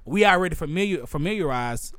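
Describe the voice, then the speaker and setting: A man hosting a podcast in casual chat, talking haltingly with many restarts and laughing. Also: a little high, expressive, fairly bright tone, dry recording. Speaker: podcast host.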